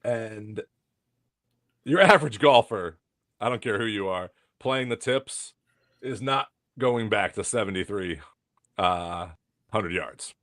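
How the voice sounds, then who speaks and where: Man, lowish voice, argumentative sports talk, dry sound. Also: expressive, takes it slowly, long pauses, fairly bright tone, no echo. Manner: argumentative, makes his case in points. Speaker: podcast co-host. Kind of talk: casual sports chat.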